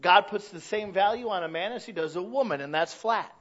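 A man's voice: high-pitched, fairly quick, a bit bright. A man preaching a sermon in a conversational, plainspoken way with self-deprecating humor. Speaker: pastor. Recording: slightly dull lo-fi sound.

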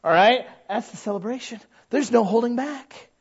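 A male pastor preaching a sermon, animated and folksy, asking rhetorical questions and joking at his own expense. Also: extremely high pitch, moderate pace, creaky, husky, dull audio. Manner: animated, frequent rhetorical questions and self-deprecating humor.

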